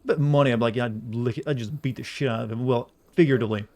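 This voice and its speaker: A man streaming a video game, chatting casually to his viewers in a flat, deadpan way. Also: mid-range voice, fast talker. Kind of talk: casual live-stream commentary.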